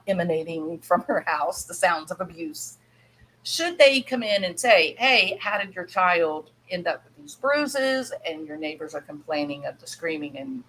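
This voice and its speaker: A woman hosts a podcast, explaining ideas in a chatty, casual monologue, laughing now and then and acting out quoted voices. Her voice is fairly low in pitch and a bit bright, and the recording is rough.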